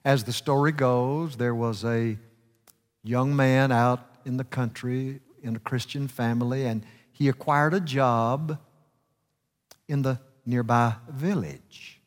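A guest preacher in a church sanctuary speaks slowly at a medium pitch with fairly even intonation. He delivers a fervent sermon and tells a story, his voice swelling and dropping for emphasis, all captured in a reverberant church hall.

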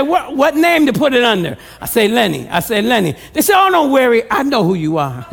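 Guy preaching a sermon, real high voice w some gravel, jokes around and asks the crowd stuff. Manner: preaching with humor, calling out questions to the congregation. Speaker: pastor.

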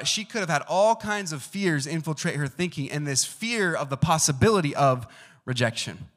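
A man's voice: a little high, animated, normal speed, fairly bright tone. A man in his thirties or younger preaching a sermon as pastor, talking casually with many fillers and asking his listeners questions. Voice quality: conversational, uses acted quotes and asides.

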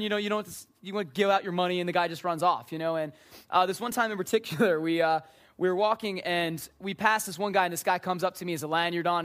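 High-voiced young man preaching with animated stories. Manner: animated, self-mocking storytelling with quick asides. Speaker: youth pastor. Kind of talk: storytelling sermon.

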